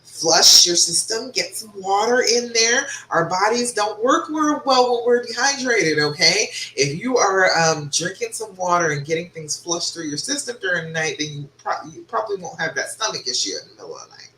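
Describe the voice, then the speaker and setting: A bright-voiced woman coaches listeners live in a chatty, encouraging way, often pausing to check in with them. Her voice rings a little in an echoey room. A faint hum of ambience sits behind her. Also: mid-range voice, lively intonation. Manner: chatty, encouraging, frequent "okay?" check-ins. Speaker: relationship coach. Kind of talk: live-stream advice and reading viewer comments.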